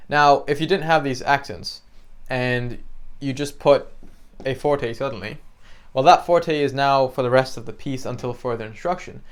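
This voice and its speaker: Young male piano teacher, casual explainer, smooth clear voice, conversational check-ins. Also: mid-range voice, moderate pace, few pauses. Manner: chatty, explains with many "right?" and "you know", sings examples. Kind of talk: casual spoken lesson.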